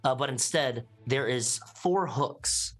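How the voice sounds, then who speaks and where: A man's voice: medium pitch, takes it slowly, a bit bright, soft background music. A man narrating a scene in a tabletop game in vivid, cinematic detail. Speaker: player.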